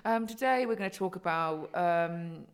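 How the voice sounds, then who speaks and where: A woman's voice: on the low side, moderate pace, smooth. A woman co-hosting a podcast in casual chat, chatty and sweary, with lots of ums and likes. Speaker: podcast co-host.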